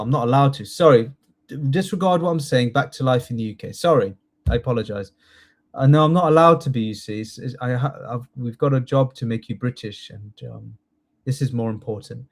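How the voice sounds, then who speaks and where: A British man in his thirties, with a medium-pitched, darkish voice, tutors for the citizenship test in a live online quiz lesson. He's chatty and jokey, reading out multiple-choice questions and praising students by name.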